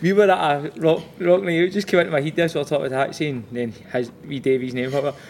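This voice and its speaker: A man's voice: fairly high pitch, fairly even intonation, fast talker, vocal fry, darkish tone, slight background noise. A Scottish man co-hosting a casual chat, laughing and swearing as he tells stories. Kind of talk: casual banter.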